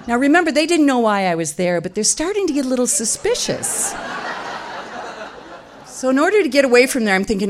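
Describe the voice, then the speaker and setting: A middle-aged woman from Wisconsin, telling a comic personal story in an animated, self-mocking way. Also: brisk, a little hiss or hum. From Wisconsin, USA. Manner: animated, self-mocking, jumps into loud high quoted voices.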